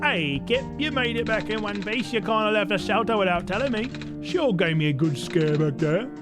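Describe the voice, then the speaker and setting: A man's voice: high-pitched, lively intonation, moderate pace, music in the background, voice pushed up. A man voicing a brash, slangy woman with a half-Cockney lilt who keeps saying dude. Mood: teasing. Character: brash slangy surfer-like female townsperson.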